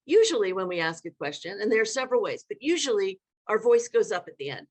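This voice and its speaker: A woman leadership coach speaks in a live online workshop, her pitch sitting in an ordinary middle range. She talks in an animated way and acts out different tones of voice as examples. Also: quick pace. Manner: animated, demonstrates vocal inflections.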